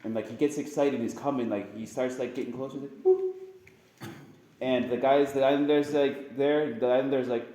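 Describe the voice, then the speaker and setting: A man, a priest giving a casual, chatty homily to a group of young people, now and then breaking into silly high sound effects. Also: a little fast, hardly any pauses. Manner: chatty and animated, bursts into high-pitched sound effects and jokes with the audience. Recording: very echoey room sound.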